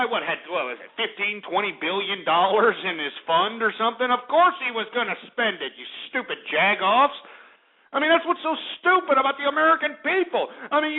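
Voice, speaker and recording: Male radio host, high-pitched and insulting, lo-fi phone-quality sound. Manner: blunt, scornful and insulting. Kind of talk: ranting call-in talk radio monologue. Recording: tinny phone-like lo-fi audio.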